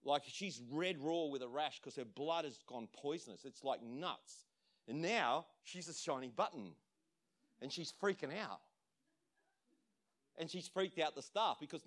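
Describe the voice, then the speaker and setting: Animated male pastor preaching. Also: on the high side, measured pace. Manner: animated storytelling, acts out quotes, laughs often. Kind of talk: sermon with personal story.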